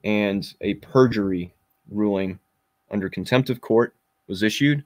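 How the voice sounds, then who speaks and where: Low-voiced man telling his story bluntly. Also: measured pace, a little mellow, no echo, studio quality. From Kentucky. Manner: blunt and intense, with frequent fillers. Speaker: podcast guest. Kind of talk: personal storytelling.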